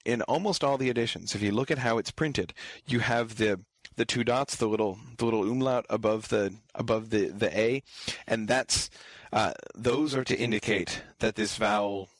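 A man teaches an online class in a patient, halting way, full of fillers and restarts as he answers viewer questions. His voice sits a little low. The sound is dry and close, with no room echo. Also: a bit bright. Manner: explains pronunciation patiently. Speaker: lecturer leading an online class.

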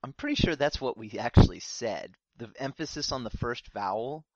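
A man's voice: medium pitch, animated, normal speed, no room sound. A man co-hosting a podcast, reading out listener comments hesitantly, with many fillers. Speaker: podcast co-host. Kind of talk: casual chat. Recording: dull, dry lo-fi audio.

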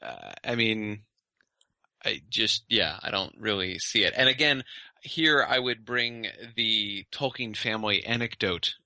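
A man co-hosting a podcast, explaining a literary topic in a halting, professorial way with many restarts. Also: lowish voice, bright, forceful tone, dry recording. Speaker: podcast co-host and lecturer. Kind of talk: casual scholarly discussion.

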